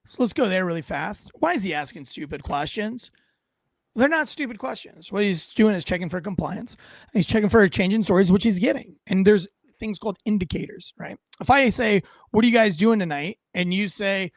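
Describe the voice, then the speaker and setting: A man who was a police officer, giving blunt, profane, animated commentary on footage. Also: sits high, a little fast, dry recording. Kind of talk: casual reaction commentary.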